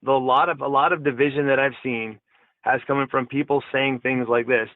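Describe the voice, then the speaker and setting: A man's voice: mid-range voice, steady tone, normal speed, no room sound. A man calling into an online debate, hesitant and rambling, full of fillers. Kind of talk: casual debate. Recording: tinny dry call line.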